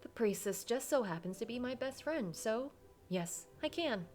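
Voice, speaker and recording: A woman voicing Nua, a cheeky, lively young woman in a game, speaking in a raised, teasing tone. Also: on the high side, moderate pace, faint music behind, voice pushed up, close to an everyday voice.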